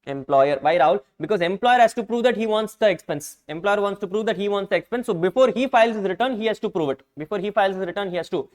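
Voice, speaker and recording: A man's voice: sits high, fast, few pauses, darkish tone, rough recording. A man with an Indian English accent lecturing on tax law, repeating each point and quizzing the class with rhetorical questions.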